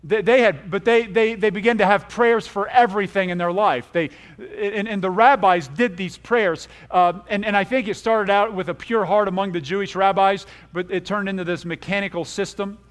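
A man preaching a folksy, animated sermon, often laughing and saying amen. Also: sits high, moderate pace, few pauses. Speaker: pastor.

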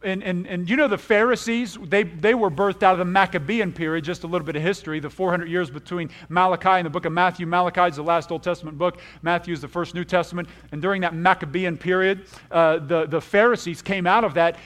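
A man preaching a folksy, animated sermon, often laughing and saying amen. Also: high voice, a little fast, hardly any pauses. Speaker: pastor.

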